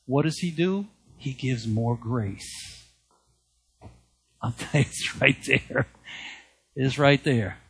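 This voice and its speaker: A man's voice: mid-range voice, darkish tone, breathy edge. A man preaching a sermon, speaking earnestly, repeating key phrases and reading Bible verses aloud. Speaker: pastor.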